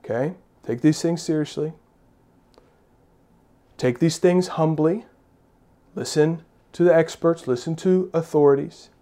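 A male pastor delivers a sermon in a fairly high voice. He preaches with strong emphasis, pressing each point home through repetition. He keeps turning to the listeners with rhetorical questions. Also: a little slow, long pauses, warm tone. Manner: emphatic, repeats key phrases, rhetorical questions.

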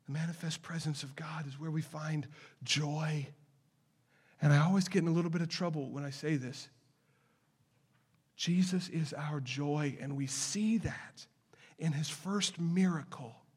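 Delivering a sermon, a husky, high-voiced male pastor keeps his intonation fairly even overall. He swells into loud, pressing questions before dropping to a quiet, deliberate stress on important phrases.

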